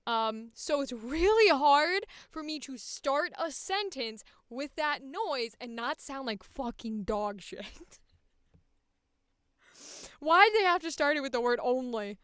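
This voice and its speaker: This woman, a voice actor with a Midwestern accent, talks slowly in casual livestream chat, swearing freely and poking fun at herself with candor. Her high-pitched voice has lively intonation and a slightly bright quality, recorded dry and close on a studio microphone.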